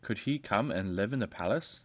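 A firm, eager little fairy princess from a storybook, as a man reads her out, in a low voice. The recording is dull and dry. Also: lively intonation, normal speed, no echo. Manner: firm, earnest storybook reading.

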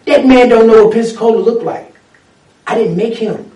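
A man in casual chat, ranting in a lively, profane way with street slang. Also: very high voice, normal speed. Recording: echoey room, mic at a distance.

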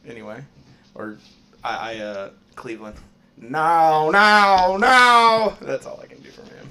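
A man's voice: on the low side, fairly even intonation, a little fast. A man co-hosting a podcast in casual banter, rambling, laughing often and making crude jokes. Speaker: podcast co-host.

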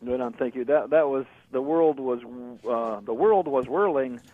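A man's voice: mid-range voice, normal speed, no room sound. A middle-aged man, a guest musician, talking casually in an interview with a laid-back, slangy manner. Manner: laid-back, slangy, animated when joking. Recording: tinny phone line.

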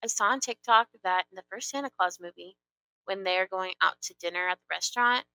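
Bright-voiced young woman teasing her partner. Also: medium pitch, dry recording, low-quality recording. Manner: teasing, quick to question. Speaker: co-host. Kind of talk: casual chat.

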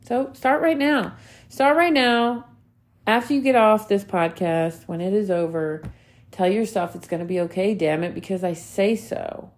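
With a medium-pitched voice and a measured pace, a woman in her thirties speaks to listeners of her own motivational podcast. Her delivery is earnest and forceful, with repeated key phrases and casual swearing.

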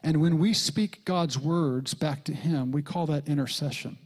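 A middle-aged man preaching a sermon as a pastor, telling a story with lively jumps in pitch and soft whispered quotes. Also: a little slow.

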